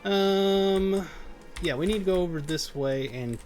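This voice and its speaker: A man's voice: sits high, measured pace, a little mellow. A man streaming a game from home, chatting casually and thinking aloud with lots of fillers. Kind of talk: casual live-stream chat. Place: home room at a computer. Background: game music and keyboard typing.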